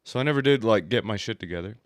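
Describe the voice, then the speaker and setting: A man's voice: fairly low pitch, lively intonation, quick pace, no echo, clean studio sound. A man co-hosting a podcast, rambling through crude, mocking jokes in casual banter. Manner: rambling, crude jokes, mock painting-show narration. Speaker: co-host.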